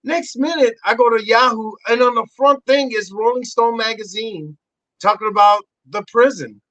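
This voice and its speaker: A middle-aged man talks as a podcast guest in a high, bright voice, cussing freely as he tells a story. He jumps sharply up in pitch whenever he acts out what someone said. The sound is close and dry, with no room in it. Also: normal speed, no room sound, highs cut off. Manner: animated, profane, acts out quotes with big pitch jumps. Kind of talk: casual storytelling chat.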